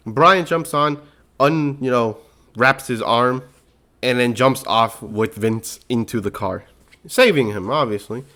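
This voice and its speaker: A young man talks through a film's plot in loose, slangy speech. He keeps an animated storyteller's energy and jumps into quick impressions of the characters. His voice sits at an ordinary middle pitch. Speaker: movie recap host. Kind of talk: casual movie recap.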